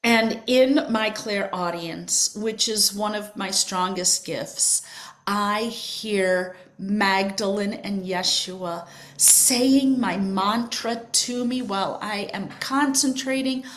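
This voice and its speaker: An older woman hosting a podcast, telling a personal spiritual story in a soft, emotional way that drifts into whispers. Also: medium pitch, takes it slowly. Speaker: podcast host.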